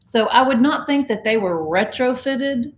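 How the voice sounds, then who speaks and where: Middle-aged Texan woman, livestream co-host, chatty, reads viewer comments aloud; higher voice. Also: normal speed. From Texas. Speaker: co-host of a cruise channel livestream. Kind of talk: casual livestream chat.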